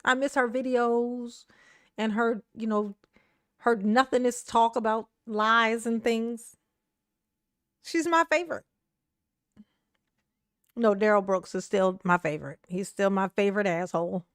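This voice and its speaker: A woman's voice: a little high, measured pace, pauses often, fairly bright tone, smooth, no echo, clean studio sound. Chatty, slangy woman commenting. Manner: chatty and slangy, laughs often, talks back to the video. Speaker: online commentary host. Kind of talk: casual livestream commentary.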